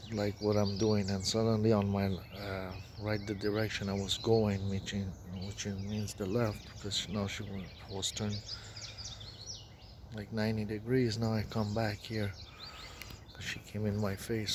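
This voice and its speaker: A man with a voice recounting a dream in a rambling, halting way, full of restarts and fillers. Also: on the low side, flat delivery, noisy background. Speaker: dream narrator. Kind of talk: rambling personal account.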